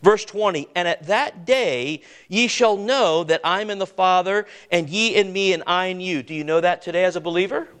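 A preacher with a high voice leads his congregation through scripture, pausing to ask them questions and waiting for their answers. He drags out key words for weight, then drops low and quiet to press a point home. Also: clear, resonant tone. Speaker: pastor. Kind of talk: sermon.

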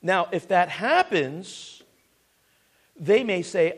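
Preacher guy with a high gravelly voice, earnest, keeps restarting lines. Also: lively intonation, moderate pace. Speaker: pastor. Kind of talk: sermon.

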